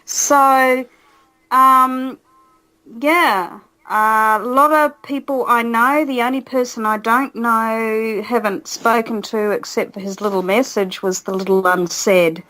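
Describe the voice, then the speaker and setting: Woman, radio guest, higher voice, slow easy pace, upbeat. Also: steady tone, sharp tone, poor audio. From Australia. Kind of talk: casual radio interview.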